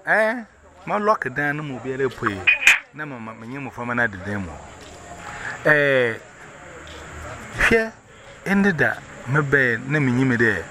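A man's voice: medium pitch, big pitch swings, a little slow, pauses often. A man telling a rambling story, repeating words as he goes. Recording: noisy recording.

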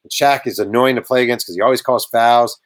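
A man's voice: mid-range voice, steady tone, fast. A man, a guest author, telling casual sports stories in an interview, slipping into quoted voices.

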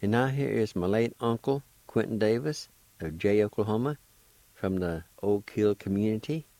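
A man with a low, warm voice teaches a language lesson on the radio, speaking very slowly and deliberately. He spells each word out one letter at a time with long pauses, then encourages listeners to practice. The sound is dry and close. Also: expressive, dry recording. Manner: slow, patient, spells words letter by letter.

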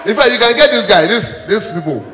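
A man doing live stand-up comedy on stage, loud and playful as he tells stories. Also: high-pitched, a little fast. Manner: loud, animated, playful storytelling. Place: stage in a hall with audience. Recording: echoey hall with loud crowd noise.

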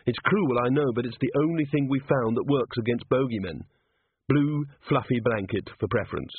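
A man reading a story, voicing a calm young werewolf woman with a dry, mocking edge. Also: mid-range voice, normal speed, husky, no echo, close to an everyday voice. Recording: tinny phone-like recording.

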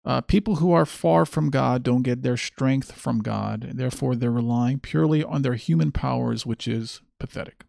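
A man's voice: mid-range voice, moderate pace, vocal fry, hardly any pauses, warm tone, no room sound, studio quality. A man hosting a podcast monologue, talking in a sardonic, mocking way. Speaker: podcast host. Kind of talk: monologue commentary.

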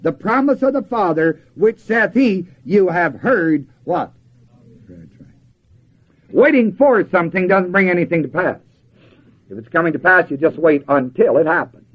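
A man's voice: sits high, expressive, moderate pace, long pauses, slightly rough. An older man preaching a sermon in a folksy way, asking the audience questions and answering them himself. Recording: dull lo-fi old tape.

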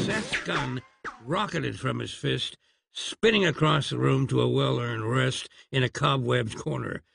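A man's voice: mid-range voice, vocal fry, fairly bright tone, husky, no room sound. A man narrating an audiobook with dry, wry storytelling.

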